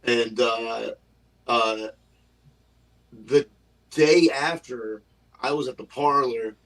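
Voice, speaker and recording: A man's voice: mid-range voice, slow pace, fairly bright tone, far from the mic, rough recording. A man telling a loose story in casual chat, full of fillers. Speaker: stand-up comedian guest. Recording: voice from further off the mic.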